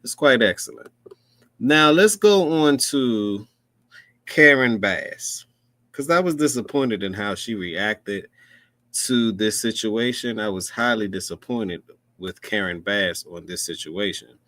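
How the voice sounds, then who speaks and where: A man with a lowish voice hosts his commentary show, earnest and rambling, doubling back to repeat himself. The sound is dry and close, with no room around it. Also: animated, takes it slowly, a bit bright, dry recording. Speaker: host. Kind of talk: casual commentary.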